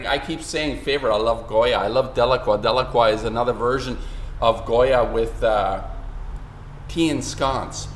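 A man's voice: mid-range voice, moderate pace. A man delivering an angry, profane, rambling rant as a video blogger and artist. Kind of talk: angry ranting commentary. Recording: roomy room echo, faint hiss.

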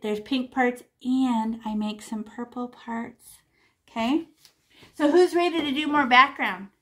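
A woman art teacher leading a live painting class over a video call, chatty and chanting repeated words as she paints. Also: fairly high pitch.

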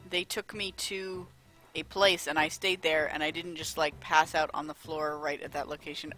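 A woman playing through a game on stream, chatting loosely and wandering off on tangents full of ums and likes. Her voice sits fairly low and has a bright, forceful edge. Faint game music plays behind her close desk mic. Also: measured pace. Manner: chatty, rambling, with lots of fillers. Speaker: let's play streamer. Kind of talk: casual gameplay commentary.

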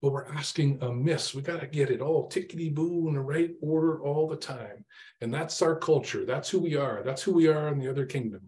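A man's voice: on the high side, fairly quick, darkish tone. A middle-aged man preaching an informal sermon, conversational, asking his listeners questions and acting out his own exasperated prayers.

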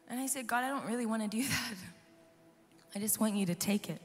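A woman worship leader, hoarse and losing her voice, telling an earnest personal testimony to a live audience. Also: on the high side, steady tone, fast talker. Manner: earnest, storytelling, talks to the crowd. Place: large conference hall. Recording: live hall reverb with soft music.

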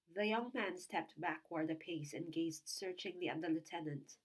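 A woman reading a classic novel aloud in a steady, clear narrating voice. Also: fairly low pitch, moderate pace, hardly any pauses, rough recording. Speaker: audiobook reader.

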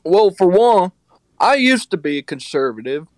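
Man in his thirties, guest on a speakerphone call, blunt and curt, slightly higher pitched, dry sound. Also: sing-song, moderate pace, no room sound. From Mississippi, US. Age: 30s. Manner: blunt, short declarative answers. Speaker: interview guest. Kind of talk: phone call conversation. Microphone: phone on speaker.

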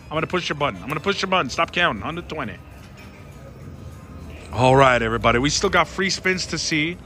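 A man giving excited running commentary on a slot machine as he plays, talking to his viewers and pleading with the machine, on a casino floor. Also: fairly high pitch, fairly quick. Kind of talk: casual live commentary while gambling. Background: casino music.

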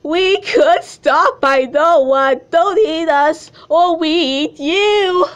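A woman voicing a cartoon girl who sings for a troupe of dancing hot dogs, in a slow, drawn-out chant. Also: very high voice, voice pushed up. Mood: singsong. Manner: slow sing-song chant.

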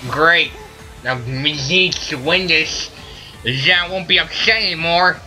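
A man playing a video game and commenting, ranting loudly at his teammates in a put-on silly voice. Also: fairly high pitch, a little slow. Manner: loud, frustrated ranting at teammates. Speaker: let's play gamer. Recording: faint game music behind. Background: game music.

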